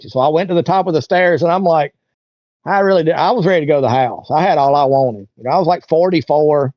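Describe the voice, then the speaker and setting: Fast-talking with a high-leaning voice, this male interview guest spins out a long casual story, rambling and folksy, full of "you know" and "like." The recording is dry, with the highs cut off.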